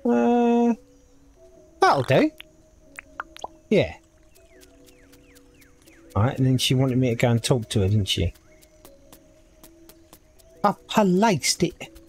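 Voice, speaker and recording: A man's voice: mid-range voice, big pitch swings, slow, long pauses, soft background music. A man casually commenting on a game as he plays, thinking aloud and reading the on-screen text. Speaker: gaming video creator. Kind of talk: casual let's-play commentary.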